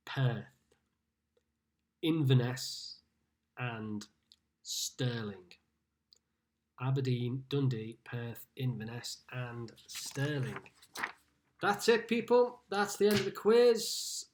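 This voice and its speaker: A man's voice: mid-range voice, darkish tone. A man from Liverpool hosting a casual live-streamed pub quiz from home, chatting and greeting players by name as he reads out their scores. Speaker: quiz host.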